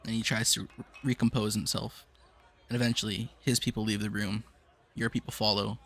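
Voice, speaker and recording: A man's voice: lowish voice, fairly quick. A man narrating as game master of a tabletop game, voicing the non-player characters in between. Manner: lively, voices the noblemen and guards.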